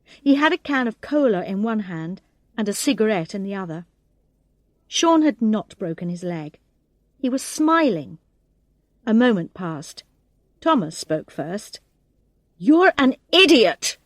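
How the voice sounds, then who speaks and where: A woman reading a graded English storybook aloud in a slow, clear narration, voicing the characters' lines expressively. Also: medium pitch, big pitch swings, dry recording. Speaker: audiobook reader.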